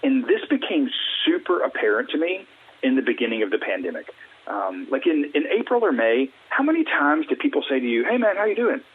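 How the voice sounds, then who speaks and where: Husky man on a tinny phone line. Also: medium pitch, a little fast. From Alabama, US Deep South. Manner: animated, acts out quoted small talk. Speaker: guest, mental wellness coach. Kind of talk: earnest casual talk.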